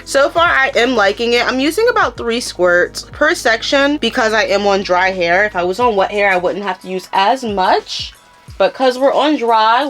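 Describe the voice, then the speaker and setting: A young woman from Philadelphia, her accent plain, talks viewers through a hair routine step by step. Her voice sits a little high and stays casual and chatty. Soft music plays faintly underneath. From Philadelphia, USA. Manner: chatty, addresses viewers as y'all. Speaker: hair tutorial vlogger.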